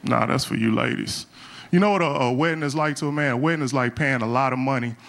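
A man's voice: mid-range voice, creaky, a bit bright. A middle-aged man doing a live stand-up routine on a club stage, talking in a loose, conversational way and often tagging lines with "man.". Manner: conversational, drawn-out "man" tag, acts out quotes. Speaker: stand-up comedian. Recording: live club recording with crowd and noise. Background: audience laughter.

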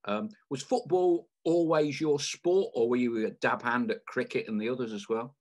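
A man's voice: medium pitch, moderate pace. A man hosting a podcast, asking rambling, chatty questions with lots of fillers. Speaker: podcast host. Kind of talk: casual interview.

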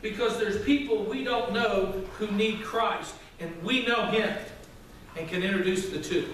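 A male pastor preaching a sermon to his congregation, loud and emphatic, with asides to the room. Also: sits high, measured pace. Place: church sanctuary. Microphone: microphone at a distance. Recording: very echoey hall, from far off, faint noise.

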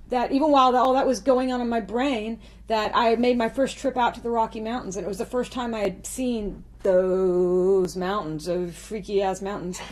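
A woman's voice: on the high side, a little mellow. A woman songwriter telling a story in a chatty, self-mocking way, laughing often. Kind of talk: storytelling interview.

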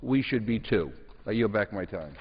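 A man's voice: on the low side, lively intonation, normal speed, breathy edge. Congressman giving an earnest floor tribute. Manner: earnest, heartfelt tribute with small restarts. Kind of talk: floor speech. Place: legislative chamber. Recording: dull sound in a reverberant chamber.

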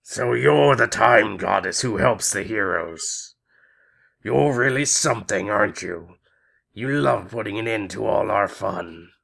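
A man voicing a menacing male evil lord who talks slowly and mockingly. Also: on the low side, lively intonation, vocal fry, fairly bright tone, voice pushed down, heavily acted. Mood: sneering. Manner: sneering, slow and mocking.

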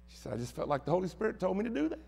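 Man, Southern American accent, pastor, folksy sermon storytelling, high voice, long church reverb. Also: huge pitch swings, very fast, gravelly, mellow. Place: church sanctuary.

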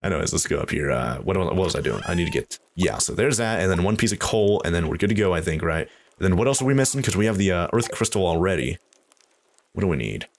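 A man's voice: low voice, lively intonation, quick pace, vocal fry, a little hiss or hum. A man hosting a let's play, chatting casually over his game, rambling and thinking aloud to his viewers. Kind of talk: casual gameplay commentary. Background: game music.

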